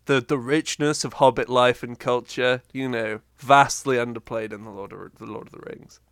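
A man's voice: mid-range voice, steady tone, normal speed, vocal fry, a bit bright, smooth, no echo, clean studio sound. A man co-hosting a podcast in casual chat, wry and rambling as he talks. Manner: rambling, lots of fillers and restarts, wry. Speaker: podcast co-host.

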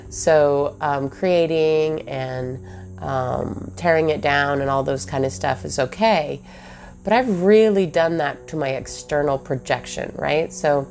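A woman's voice: low-pitched, gravelly, darkish tone. A woman thinking aloud in a reflective personal monologue, with many fillers and questions to herself.

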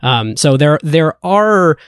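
Measured analytical man, dry sound. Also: on the high side, expressive, fairly bright tone, clear, resonant tone, dry recording. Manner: measured and analytical, with frequent fillers. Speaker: podcast guest. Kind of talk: casual podcast discussion.

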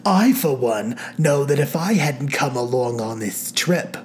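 A woman's voice: very deep voice, lively intonation, unhurried, a little mellow, a little hiss or hum. A woman voicing a dramatic, theatrical woman friend with a sweeping manner. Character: theatrical grand woman friend in kimono cardigan.

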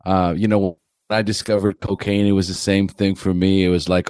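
A man's voice: low-pitched, level tone, a little fast, darkish tone, clear, resonant tone, dry recording, clean studio sound. A middle-aged man hosting a podcast, talking earnestly and relating his own experience to his guest's. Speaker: podcast host. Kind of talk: casual conversation.

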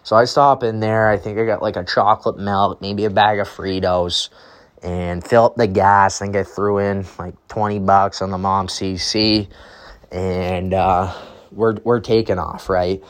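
Young guy, kinda low voice, rambling casual story, keeps saying right?. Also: fairly even intonation, measured pace, clear, resonant tone. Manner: rambling, tags lines with "right?". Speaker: podcast host.

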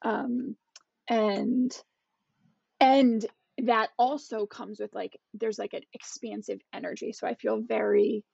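Gravelly, husky woman, candid chat. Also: on the high side, steady tone, takes it slowly, dark tone, no room sound. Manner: candid, self-reflective, trails off and restarts. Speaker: culture expert, podcast co-host. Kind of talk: casual podcast chat. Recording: dull, lo-fi dry sound.

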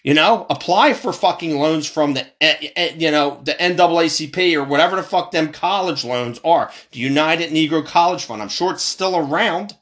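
A man's voice: normal speed, hardly any pauses, fairly bright tone. Profane fired-up male ranter. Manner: profane, fired-up and passionate, voice jumping high then dropping low. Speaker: commentator. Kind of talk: heated political rant.

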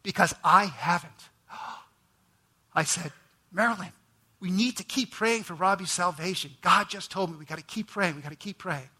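A man delivering a heartfelt sermon testimony in a high, bright voice. He tells his story earnestly, pushing up into an even higher register at the most emotional moments. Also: moderate pace. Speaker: ministry president.

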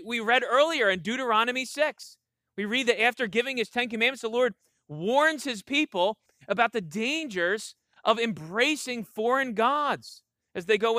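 A man's voice: high voice, pushed and bright, no room sound, clean studio sound. A man preaching a sermon, earnest and emphatic, often repeating himself and checking in with "right?". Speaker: pastor.

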